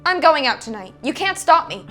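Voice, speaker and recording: An actress playing a sarcastic, defiant teenage daughter in a film drama. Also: female voice, high voice, big pitch swings, a little fast, fairly bright tone. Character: mouthy teenage daughter named Amber. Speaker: actor. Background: film score music.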